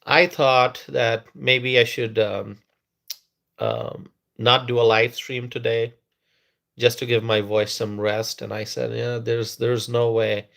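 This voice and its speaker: A man hosting a live stream, chatting with viewers and talking softly and slowly to rest his tired voice. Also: mid-range voice, steady tone, vocal fry.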